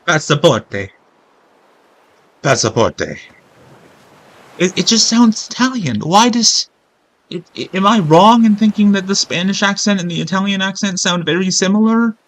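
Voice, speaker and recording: A man's voice: high voice, normal speed, a bit bright, poor audio. Rambling, sarcastic male game streamer. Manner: rambling, sarcastic, swears a lot. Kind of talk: casual gameplay commentary.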